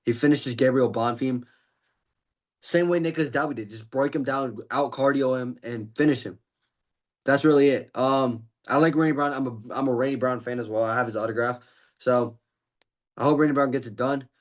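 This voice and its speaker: A man's voice: medium pitch, moderate pace. A man hosting a podcast, giving a casual, rambling fight breakdown full of fillers, tired and out of breath.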